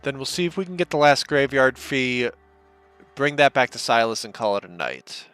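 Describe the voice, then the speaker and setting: A man's voice: mid-range voice, big pitch swings, normal speed, a bit bright, clear, resonant tone, faint music behind. Laid-back man narrating gameplay. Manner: laid-back, muttering to himself as he plays. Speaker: let's play host. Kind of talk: casual gameplay commentary.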